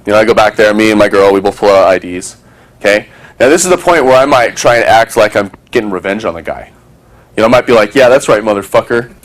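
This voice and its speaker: A man's voice: on the low side, lively intonation, fast talker. A man talking casually to a small group, telling a story and acting out other people's voices, swearing freely.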